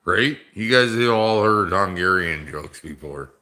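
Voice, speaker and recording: A middle-aged man chats loosely to his livestream viewers, a bit drunk and cracking crude jokes. His voice sits a little low, with a bright, edgy tone. He rambles from story to story in a casual, unscripted way. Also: lively intonation, a little slow. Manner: rambling, joking, off-color banter. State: tipsy from drinking. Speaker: livestream host.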